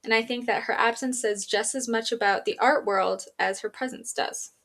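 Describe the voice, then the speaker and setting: A young woman speaks as an art student giving a class presentation, sounding earnest and reflective. Her voice sits a little high. She talks in a personal, thoughtful way. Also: steady tone, normal speed, fairly bright tone.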